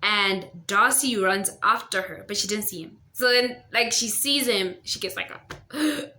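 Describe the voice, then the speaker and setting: A woman's voice: medium pitch, a little slow, sharp tone. A woman, chatting casually and gushingly to camera while reviewing a book at home. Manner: chatty and gushing, lots of fillers. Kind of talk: casual vlog chat. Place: home near a busy road.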